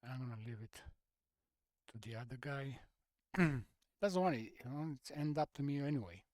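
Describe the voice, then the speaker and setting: Here a game streamer sounds animated as he picks through menus, half-muttering in laid-back commentary with a slightly non-native turn of phrase. The voice is medium in pitch and a little mellow, at a normal speed, with no echo.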